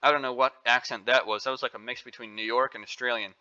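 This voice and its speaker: A man's voice: mid-range voice, steady tone, fast, sharp tone, highs cut off. A man giving opinionated, indignant news commentary, stressing points by repeating phrases. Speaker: commentary vlogger.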